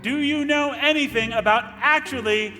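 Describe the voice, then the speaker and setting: An urgent, insistent straight man, acted by a man, keeps pushing with a very high, bright voice. It rings in a live hall. Faint music sits behind. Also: normal speed. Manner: insistent, impatient questioning. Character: urgent man pressing to defuse a bomb. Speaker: comedy sketch actor.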